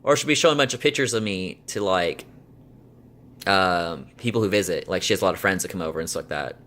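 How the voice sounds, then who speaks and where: Young adult male vlogger, lowish pitch, casual rambling delivery, lots of fillers, exasperated venting. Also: quick pace, bright, forceful tone. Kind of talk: casual chat.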